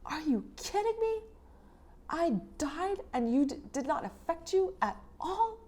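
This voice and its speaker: A woman voicing a furious goddess queen who shouts in outrage at her husband. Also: high voice, lively intonation, measured pace, pitched above the performer's own voice. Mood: outraged.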